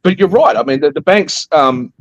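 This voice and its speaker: A man's voice: fairly high pitch, animated, moderate pace, highs cut off. A man co-hosting a casual panel chat, ranting animatedly and mimicking the people he talks about. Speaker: co-host.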